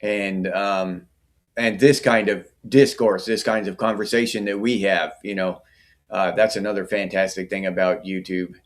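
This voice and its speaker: A man's voice: low voice, fairly even intonation, normal speed. A middle-aged man hosting a casual livestream, chatting and answering viewer comments by name. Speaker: livestream host.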